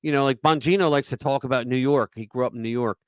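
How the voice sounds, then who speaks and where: An emphatic man hosts a political talk show at a middle pitch. He tells stories conversationally, with frequent asides. The dry recording puts his voice close to the mic. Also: quick pace, smooth, no room sound. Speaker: host.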